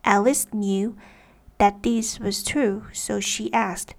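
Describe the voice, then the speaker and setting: A woman's voice: medium pitch, flat delivery, takes it slowly, creaky. A woman narrating a storybook in a careful read-aloud way. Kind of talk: storybook reading.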